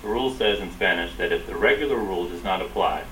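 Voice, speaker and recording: Low bright-sounding guy teaching spanish stress, repeats words over and over, bit of hiss behind. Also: poor audio. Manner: slow, drilling repetition of words. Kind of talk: classroom lesson.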